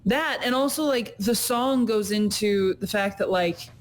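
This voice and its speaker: Woman, podcast co-host, mid pitch, enthusiastic casual chat, faint hiss. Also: measured pace. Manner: enthusiastic, chatty, many likes.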